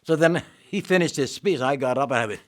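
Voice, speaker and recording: An older male actor telling backstage anecdotes in an animated way, acting out the other voices. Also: medium pitch, fast talker. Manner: animated, acts out the voices in his stories. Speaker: actor interviewee. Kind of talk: anecdotal storytelling.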